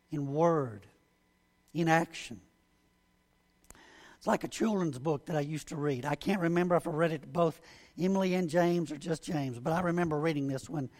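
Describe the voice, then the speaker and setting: A man preaching a sermon as a pastor, earnest and building to emphatic points. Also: sits high. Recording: long hall reverb.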